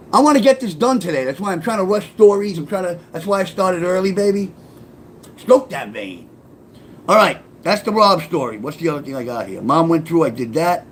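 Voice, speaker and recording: Profane, animated New storyteller man. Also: high voice, slight background noise. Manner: profane, animated, punchy street talk. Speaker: storyteller and author. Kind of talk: casual spoken storytelling.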